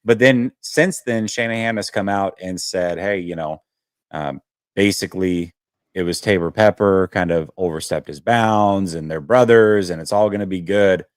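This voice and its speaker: A man hosting a casual sports talk show, telling a story with lots of fillers and animated detail. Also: low-pitched, moderate pace, no room sound, studio quality. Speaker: host.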